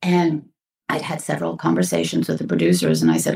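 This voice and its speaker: Gravelly-voiced woman telling animated stories. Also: sits low, fairly quick. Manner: animated storyteller acting out quoted voices. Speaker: actress guest. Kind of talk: storytelling interview chat.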